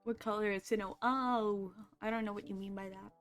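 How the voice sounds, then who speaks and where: A woman's voice: medium pitch, fairly even intonation, fairly quick, faint music behind. A woman hosting a casual stream, joking around and laughing often. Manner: giggly, joking, frequent laughter. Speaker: streamer host.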